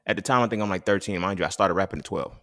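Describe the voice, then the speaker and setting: A man's voice: sits low, very fast, pushed and bright, no echo, clean studio sound. A young adult man, hosting a candid solo monologue, raw and profane, reflective and laughing often. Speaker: podcast host.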